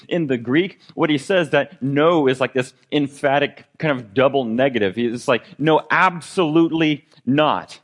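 A pastor preaches a conversational sermon, asking the congregation questions. His delivery has fillers and restarts, and his pitch and volume shift dynamically.

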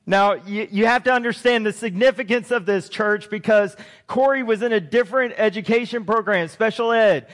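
A man's voice: high voice, normal speed, few pauses, a bit bright. A man in his forties preaching a sermon and telling a personal story in an earnest, emotional way. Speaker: pastor.

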